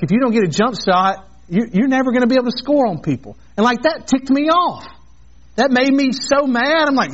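A man's voice: high voice, highs cut off. A man preaching an earnest sermon as a pastor, mixing scripture with a personal story.

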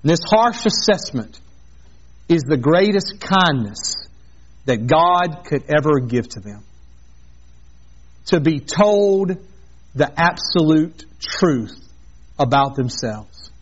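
A man's voice: fairly high pitch, animated, slow, pauses often, slightly rough, highs cut off. A man preaching an earnest sermon as a pastor, mixing scripture with a personal story.

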